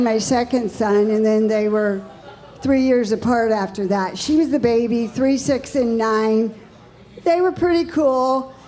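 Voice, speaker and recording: A woman's voice: fairly high pitch, a little mellow. A middle-aged woman telling family stories on stage as a stand-up comic, acting out the dialogue, on a handheld mic in a comedy club. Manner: chatty, acts out family dialogue. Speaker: guest comedian, mother of a comic. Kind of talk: stand-up storytelling.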